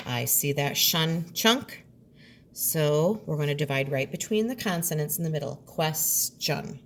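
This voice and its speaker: A woman teacher giving a recorded lesson, sounding out words slowly and deliberately. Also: low voice, lively intonation, a little hiss or hum.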